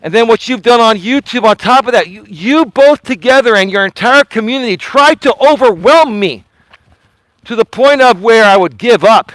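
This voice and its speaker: A man livestreaming while he walks outside, filming himself with a phone on a selfie stick. His voice sits high, and the sound is dry and close with no room around it. He speaks with insistent emphasis and keeps circling back to repeat his points. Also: lively intonation, normal speed, fairly bright tone, no echo, poor audio. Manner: emphatic, repetitive, addressing someone directly. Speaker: vlogger host. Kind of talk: live-streamed walking vlog. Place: outdoors, walking in the cold.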